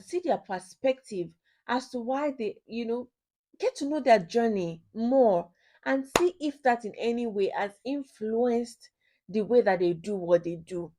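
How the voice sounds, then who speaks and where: A woman's voice: a little high, a little mellow. A woman speaks as a ministry teacher, giving a talk on marriage. She drives her points home by repeating them and keeps turning to her listeners with questions, in an earnest, instructive way.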